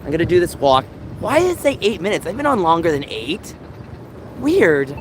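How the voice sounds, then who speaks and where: Streamer, male, high voice, anxious pleading rants, phone audio with loud traffic behind. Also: big pitch swings, normal speed, rough recording. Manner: distressed, pleading rants to chat. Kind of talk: live-stream vlog talking to chat. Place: outdoors on city streets.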